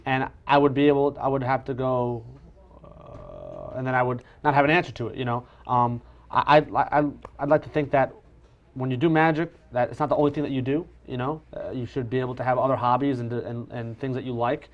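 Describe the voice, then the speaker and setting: A man talks fast and loosely, jumping between thoughts with restarts and little jokes at his own expense. The sound is dull and slightly lo-fi, like a low-grade stream. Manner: chatty, self-deprecating, many restarts. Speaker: professional magician guest. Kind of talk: casual conversational chat.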